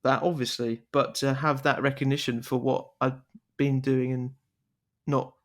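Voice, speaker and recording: A man in his twenties being interviewed on a podcast, speaking modestly and haltingly. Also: mid-range voice, little pitch movement. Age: 20s. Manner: modest and halting, with many fillers and restarts. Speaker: interview guest. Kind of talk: conversational interview.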